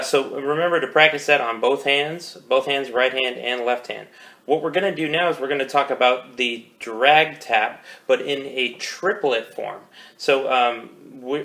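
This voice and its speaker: A man teaching drum rudiments, counting beats aloud in a casual, self-correcting way. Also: mid-range voice. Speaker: percussion teacher. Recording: loud background noise.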